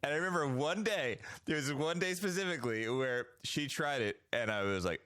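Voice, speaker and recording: A man's voice: fairly high pitch, animated, fairly quick, a bit bright, no echo, studio quality. A man co-hosting a podcast, telling rambling, loose stories full of fillers in casual chat. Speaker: podcast co-host.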